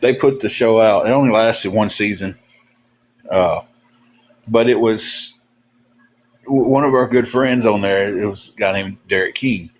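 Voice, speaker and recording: A man's voice: lowish voice, unhurried, long pauses, poor audio. A man hosting a livestream, telling rambling, folksy stories to his chat with many fillers and restarts. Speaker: livestream host. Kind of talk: casual storytelling to live chat.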